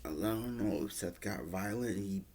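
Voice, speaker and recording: A man's voice: fairly low pitch, unhurried, darkish tone. A man giving a casual, rambling review of a wrestling event, with many fillers and restarts.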